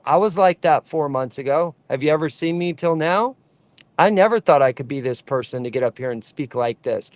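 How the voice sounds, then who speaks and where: A man's voice: a little high, darkish tone, no echo. A man speaking as an advocate for truck drivers, in an impassioned direct-to-camera rant, fervent and preachy, repeating lines for emphasis.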